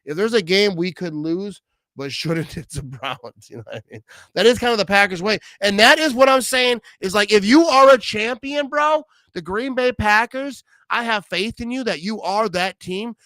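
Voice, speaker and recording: A young man hosting a casual sports talk show, excitable and slangy, reading out fan messages. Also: sits high, moderate pace, dry recording. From Wisconsin. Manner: excitable, slangy, says "bro" and "you know what I mean" a lot.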